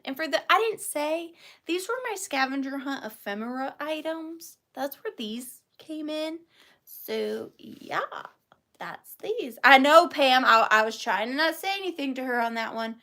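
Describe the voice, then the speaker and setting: A woman's voice: high voice, expressive, unhurried, bright, forceful tone. A young woman hosting a live online vintage sale, chatting enthusiastically about items and counting down bids. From United States. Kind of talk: live sale vlog chat.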